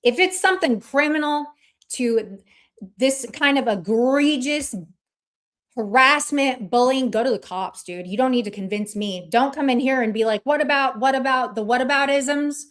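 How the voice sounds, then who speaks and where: A woman's voice: a little high, lively intonation, normal speed, a bit bright. A woman hosting a livestream, ranting in casual chat in a blunt, profane and combative way. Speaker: livestream host.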